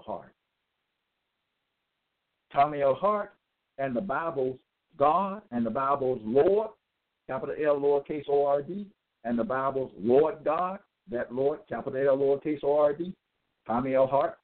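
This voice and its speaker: Man preaching over tinny phone-like audio. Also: on the high side. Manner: emphatic and repetitive, stressing words slowly. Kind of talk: religious monologue with scripture readings.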